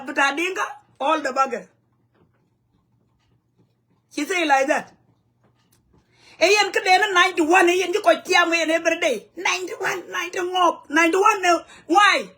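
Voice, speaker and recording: South sudanese woman, high voice, angry rant to camera in broken english. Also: bright, forceful tone. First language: Nuer. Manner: heated, blunt, broken English mixed with Nuer phrases. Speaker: community vlogger. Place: home in the U.S.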